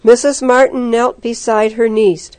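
A woman reading a story aloud as narrator, steady and expressive. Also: fairly high pitch, unhurried, dry recording.

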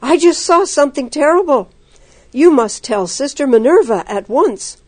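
A woman voicing a nervous young village girl who stammers and rushes. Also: sits high, expressive, darkish tone, pitched above the performer's own voice. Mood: urgent. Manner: stammering, breathless.

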